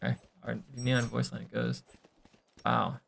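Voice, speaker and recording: A young man streaming, casually reviewing gameplay and coaching, relaxed and thinking aloud with lots of fillers and the odd swear. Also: medium pitch, slow, vocal fry, background noise.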